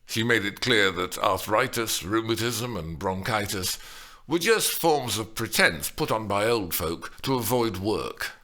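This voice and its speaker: A man reading a comic novel aloud as an audiobook, with wry, expressive delivery. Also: lowish voice, a little slow. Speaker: audiobook narrator. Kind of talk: audiobook narration.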